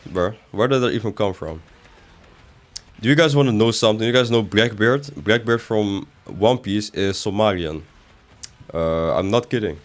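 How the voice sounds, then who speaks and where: Playful young man streaming a game. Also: fairly low pitch. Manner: playful, joking, voice jumps up when protesting. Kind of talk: live gaming stream commentary, reading chat.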